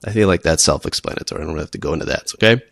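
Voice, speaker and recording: A man who teaches PE, presenting classroom tips in an animated, emphatic way and often checking in with "okay?". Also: rumbling low, racing, vocal fry, dry recording, clean studio sound. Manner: animated, acts out students and teachers.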